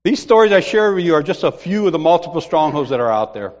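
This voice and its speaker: A man's voice: a little high, sing-song, fast, a little mellow. A man preaching a sermon, telling a comic personal story, acting out other people's voices and laughing often.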